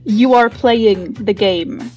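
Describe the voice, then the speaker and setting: A woman's voice: a little high, takes it slowly, a little mellow, faint music behind. A woman in a casual livestream chat who explains things in a rambling, apologetic way.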